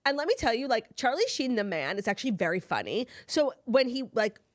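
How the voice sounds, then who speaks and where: A woman co-hosting a podcast in casual chat, animated and laughing often as she tells stories. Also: a little high, brisk, no room sound, studio quality. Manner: animated, laughs often, gasps while storytelling. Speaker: podcast co-host.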